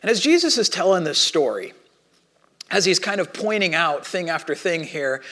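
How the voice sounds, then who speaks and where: High-voiced animated male pastor. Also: normal speed. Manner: animated storytelling, acting out quoted voices; conversational with frequent restarts. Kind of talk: sermon.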